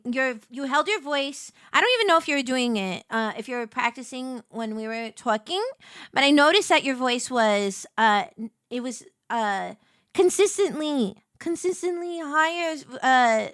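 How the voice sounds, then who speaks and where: A woman streamer chatting casually while playing a game, telling stories in an animated way. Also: high voice, no room sound, clean studio sound. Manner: animated storytelling with laughs. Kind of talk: casual chat while gaming.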